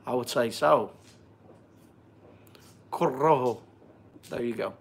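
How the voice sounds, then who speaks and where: A man's voice: medium pitch, measured pace, a bit bright. A man hosting a casual live stream, joking and chatting, greeting viewers by name, often repeating and stumbling over words.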